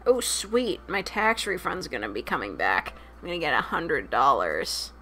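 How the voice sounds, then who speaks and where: A young woman streamer reading a dating sim aloud with loud, profane, expressive commentary. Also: sits low, normal speed, soft background music.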